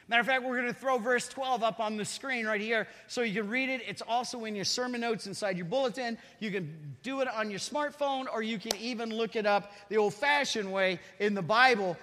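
Guy preaching a sermon, really high sharp voice, gets the crowd to say stuff back. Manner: builds to loud shouting climaxes; asks the congregation to repeat phrases. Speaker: pastor. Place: church sanctuary. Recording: long reverb of a church hall.

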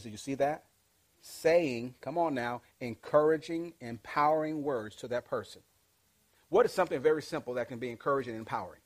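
An energetic man leads a leadership class with a voice that sits a little high. He keeps firing questions at his listeners and coaxing them to answer back, often bursting out loud. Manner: energetic, call-and-response with the audience. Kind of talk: interactive leadership teaching.

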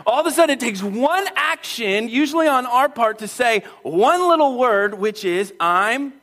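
A man with a fairly high voice preaches a sermon in a church. He keeps it animated and playful, acting out voices and calling on the congregation to join in. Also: normal speed. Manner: animated, acts out voices and crowd calls. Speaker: pastor.

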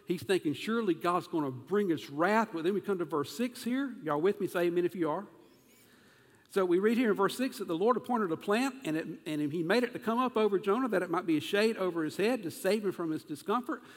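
A man preaching an animated sermon as pastor, asking his congregation questions as he goes. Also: sits high, fast talker, in a large hall.

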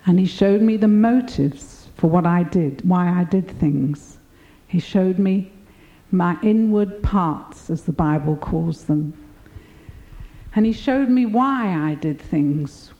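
A woman's voice: mid-range voice, mellow, dull audio. An older woman giving an earnest, reflective personal testimony of her faith.

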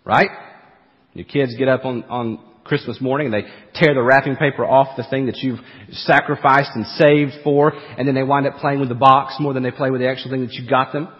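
A man preaching a sermon as pastor, swinging from emphatic, forceful peaks to quiet, low asides. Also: fairly even intonation, brisk, long reverb tail, lo-fi sound.

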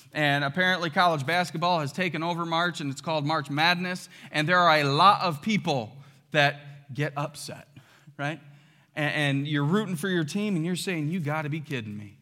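A man preaching a sermon as pastor, animated and acting out quotes with loud outbursts. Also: high-pitched. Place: church sanctuary. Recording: long hall reverb.

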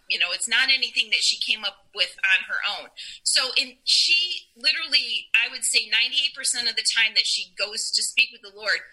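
A woman's voice: on the high side, bright, forceful tone, breathy edge, low-quality recording. A woman casually recounting a personal faith story, often quoting what she and a friend said. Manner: chatty, quotes others' dialogue in her retelling. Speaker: storyteller sharing a faith testimony.

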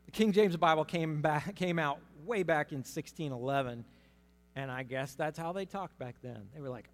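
A man giving conversational Bible teaching, telling the story in a lively way with humorous asides. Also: on the high side, normal speed. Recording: long hall reverb.

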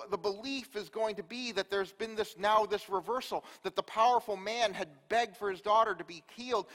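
Male pastor, sermon delivery, high pitch, unhurried storytelling, reverberant hall. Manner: storytelling, rhetorical questions, big swings in loudness. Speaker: preacher.

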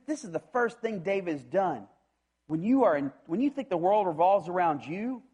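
A man preaching a sermon, retelling a scripture story in an animated way and acting out the voices of its characters. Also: a little high, husky. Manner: animated storytelling, acts out voices, frequent restarts. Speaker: pastor.

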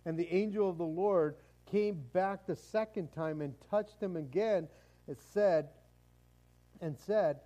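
A man's voice: high-pitched, takes it slowly, mellow, poor audio. A man preaching a sermon in a conversational way, often stumbling and restarting his words. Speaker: pastor.

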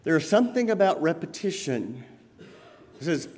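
A man preaching a sermon as pastor, swinging between loud emphatic lines and quiet lowered ones. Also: expressive, moderate pace, big-room sound, a little hiss or hum.

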